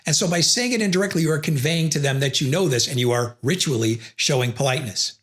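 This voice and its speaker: An educational video presenter with a medium-pitched, quick, slightly bright voice explains communication theory. Between explanations, the presenter acts out sample refusals.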